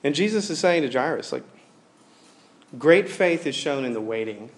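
A man's voice: on the high side, animated, moderate pace. A man in his thirties preaching a sermon, telling a personal story in a casual, rambling way with many fillers. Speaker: pastor.

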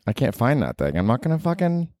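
A man's voice: medium pitch, wildly swooping pitch, quick pace, a little mellow, no echo, studio quality. A man hosting his own podcast alone from his apartment, rambling casually with lots of swearing and self-mockery. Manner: profane, self-mocking rambling. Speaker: podcast host. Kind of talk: casual solo podcast monologue.

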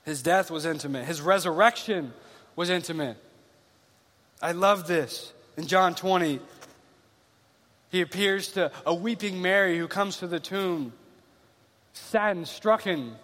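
A man's voice: sits high, slow, pauses often, fairly bright tone. A man preaching a sermon in an earnest, conversational way, repeating key phrases, in a large room with bleachers. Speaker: pastor. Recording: long hall reverb.

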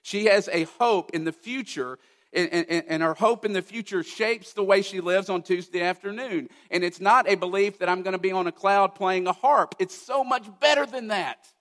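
Male pastor, pitched a bit high, emphatic sermon delivery with rhetorical questions, long hall reverb. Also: normal speed. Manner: emphatic, rhetorical questions, swings from loud to hushed.

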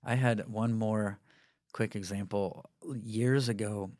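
A man's voice: on the low side, fairly even intonation, slow pace, a little mellow, no room sound, clean studio sound. A man in his thirties co-hosting a podcast, telling a personal story in an earnest, reflective way. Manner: earnest, reflective, tells stories with quoted dialogue. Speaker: podcast co-host, parent. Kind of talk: casual conversational storytelling.

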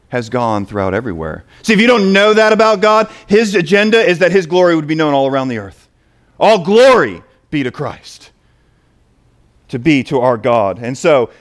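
A man preaching a sermon, moving between quiet asides and loud, emphatic points. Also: fairly high pitch.

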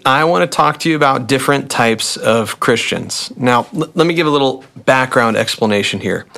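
Pastor explaining in a podcast talk. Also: male voice, mid-range voice, fairly bright tone. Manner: explanatory, conversational, with occasional restarts.

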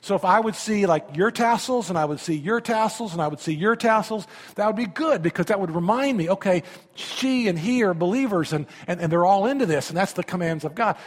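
Fifties male pastor, high voice, animated sermon, stumbles and repeats words, echoing hall. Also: brisk. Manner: animated, conversational preaching with repeated words and questions to the listeners. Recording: long reverb of a large hall.

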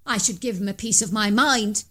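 A woman's voice: medium pitch, moderate pace, bright, forceful tone. A woman voicing an irritable, hot-tempered male hunter in a read-aloud story. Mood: annoyed. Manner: snappish, irritable.

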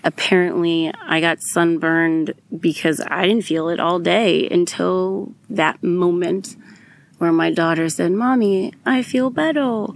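Podcast host, young adult woman, candid and emotional, swears a lot, unhurried delivery. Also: low voice, slight background noise. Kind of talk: personal storytelling monologue.

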